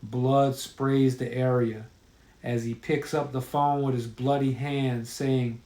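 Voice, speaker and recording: A man reading a gory horror story aloud in a measured, grim, plain way. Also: mid-range voice, flat delivery, mellow. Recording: roomy echo.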